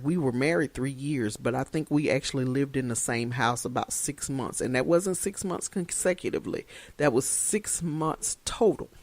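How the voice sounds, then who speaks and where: A woman's voice: low-pitched, no echo. A woman giving an earnest personal testimony on a podcast, growing emphatic as she tells it. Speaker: guest sharing her story.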